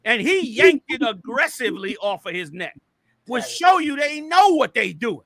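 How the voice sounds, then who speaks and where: Man, show host, emphatic heated commentary, repetitive, bright tense tone. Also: very high-pitched, big pitch swings, moderate pace, creaky. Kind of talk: heated commentary over video clips.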